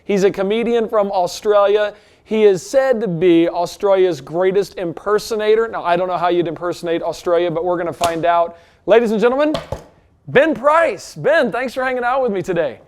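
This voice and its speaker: A man from the United States hosting an upbeat promotional interview, jokey and energetic. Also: sits high, moderate pace. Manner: jokey, energetic, plugs products. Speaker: interview host.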